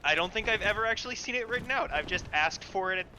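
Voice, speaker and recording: A man on a live game stream with a very bright, sharp tone. He is self-deprecating and explains game lore in a relaxed, chatty way. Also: high-pitched, fast talker, slight background noise. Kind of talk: casual banter on a live stream.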